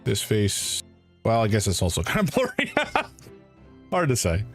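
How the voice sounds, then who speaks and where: A man's voice: fairly low pitch, huge pitch swings, normal speed, soft background music. A man streaming a first playthrough of a game, thinking aloud in a hesitant way and often restarting his sentences. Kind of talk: live game commentary.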